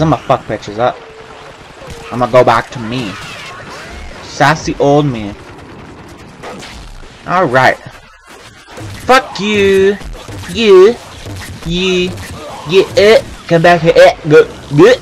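A man giving loud, excitable gameplay commentary, swearing a lot and bursting out in yells. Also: on the high side, a little hiss or hum. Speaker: gaming channel host.

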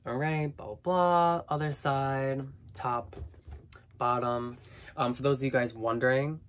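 Young man, nasal and stuffed-up, chatty, excitable, casual collector vlog. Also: mid-range voice, unhurried. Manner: chatty, excitable, lots of ums and likes. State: stuffy nose, congested. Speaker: doll collector and reviewer.

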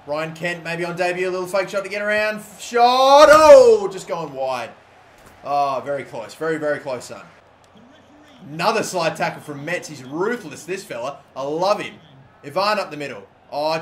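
Excitable young man calling his game live. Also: on the high side, slight background noise. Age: 20s. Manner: excitable, bursts into loud shouting over goals; chatty, muttering asides between plays. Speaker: gaming YouTuber. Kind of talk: live video game commentary.

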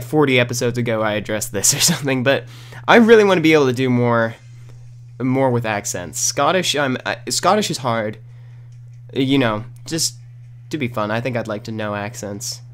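A man giving casual, rambling gameplay commentary at home into a new desk microphone, breaking into loud outbursts at the game. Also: medium pitch, big pitch swings, a little fast. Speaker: gaming commentator. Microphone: new desk condenser microphone.

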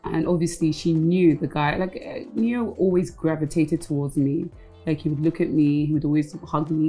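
A woman's voice: sits low, steady tone, normal speed, dark tone, faint music behind, rough recording. A woman, a former reality show contestant, talking frankly in a casual interview and slipping Igbo phrases into her English.

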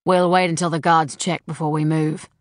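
A woman's voice: deep voice, level tone, normal speed, no echo, close to an everyday voice. Woman voicing a curt, dry male partner. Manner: curt, dry and matter-of-fact. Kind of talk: audiobook character voice.

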